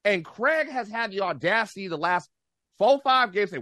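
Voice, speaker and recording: American man, casual podcast guest, lively voice that rambles and restarts, dry close sound. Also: high-pitched, moderate pace, dry recording. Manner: animated, rambling, with many restarts and slangy outbursts. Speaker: guest football fan.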